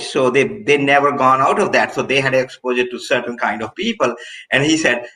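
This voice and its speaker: A man in casual conversation, telling anecdotes with animated retellings. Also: mid-range voice, fairly quick, low-quality recording. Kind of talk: casual chat.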